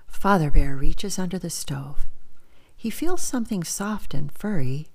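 A woman reading a bedtime story aloud in a soft, often whispered, expressive voice. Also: fairly low pitch, a little slow, gravelly.

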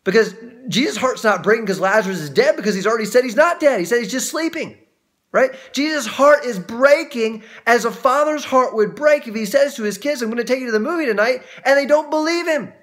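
Speaking fairly quickly at an extremely high pitch, a man teaches on a Bible passage as a pastor. He's conversational, frequently restarts, and brings energy to the voices he acts out from quotes.

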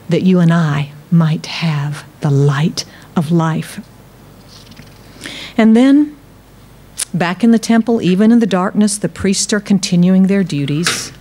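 A woman pastor preaching a sermon, reading scripture aloud and speaking straight to her congregation, slowing and dropping low on key words and rising for emphasis. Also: a little mellow. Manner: dramatic pauses, slows and drops low on key words, rises for emphasis; reads scripture aloud, addresses congregation directly.

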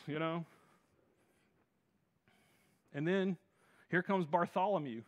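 A male pastor preaches with a high-pitched voice. He tells the story in a playful, animated way. He often turns to the congregation and coaxes them to join in. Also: normal speed, long pauses. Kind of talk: sermon.

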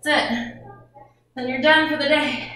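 High bright voice, woman fitness coach huffing through cues, far from the mic in a big echoey space. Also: fairly even intonation, measured pace. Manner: encouraging, breathless cues between exercises. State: out of breath. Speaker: fitness instructor. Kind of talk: workout coaching.

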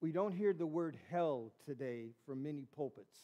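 Older man, pastor, sermon, fairly high voice, earnest emphatic delivery, church. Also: animated, moderate pace, highs cut off, background noise. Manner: earnest preaching with emphatic rises and soft drops. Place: church sanctuary.

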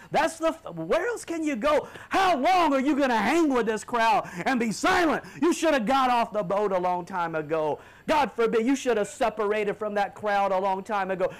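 A man preaching a fiery sermon, dropping to low murmurs and then rising to shouts. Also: fairly quick. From United States.

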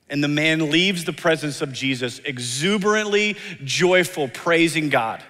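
A man's voice: fairly high pitch, bright, forceful tone. A man preaching a sermon as pastor, earnest and emphatic, often repeating key lines and acting out quoted voices. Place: church sanctuary. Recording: long hall reverb.

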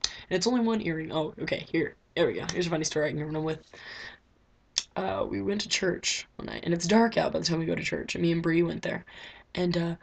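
Teen girl, low husky voice, gravelly, rambling casual vlog, webcam in her bedroom. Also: a little fast. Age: teens. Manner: chatty, rambling, lots of "like" fillers. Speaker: vlogger.

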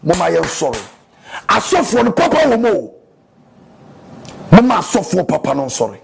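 A man's voice: high-pitched, huge pitch swings, normal speed, creaky, slight background noise. A man with a Ghanaian accent preaching a fervent sermon as a pastor, moving between English and Twi.

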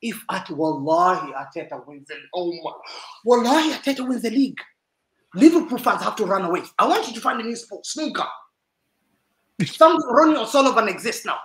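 Loud teasing man on a football panel. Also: high voice, a little fast, roomy sound, rough recording. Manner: animated, teasing, laughing often. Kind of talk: loud banter-filled casual chat.

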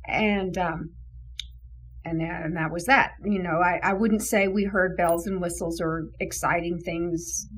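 A woman's voice: lowish voice, fairly even intonation, unhurried, slight background noise, low-quality recording. A woman who leads a mission, telling an earnest faith testimony with many fillers. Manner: earnest, emotional, full of fillers. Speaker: ministry leader. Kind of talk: testimony storytelling.

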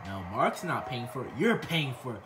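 A man's voice: mid-range voice, very animated, normal speed, background noise, natural voice. A man voicing a smug, spoiled rich man who talks down to everyone with a bossy drawl.

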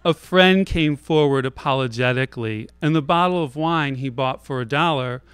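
A man telling a personal story live on a theater stage, in a wry, self-deprecating and deliberate way. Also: medium pitch, fairly bright tone, clean tone, no echo.

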